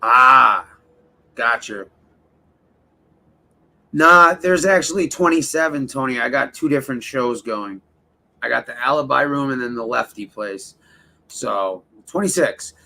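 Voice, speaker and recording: A man's voice: medium pitch, unhurried, creaky, pauses often, sharp tone. A man hosting a casual livestream, rambling and swearing as he talks straight to his chat. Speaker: livestream host.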